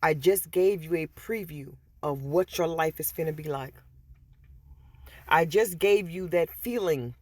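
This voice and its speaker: A calm, firm guiding spirit, as a woman puts it on in her own story speaks low, soft and slow, like a steady inner voice giving reassurance. The sound is close and dry from a headset mic, with no room around it. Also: no echo. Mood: reassuring.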